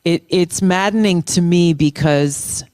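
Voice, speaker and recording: Impassioned middle-aged veteran, smooth voice. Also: mid-range voice, a little mellow, no echo, studio quality. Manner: impassioned, restarts phrases, slows down for emphasis. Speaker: guest, military veteran and former state lawmaker. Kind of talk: earnest conversational interview.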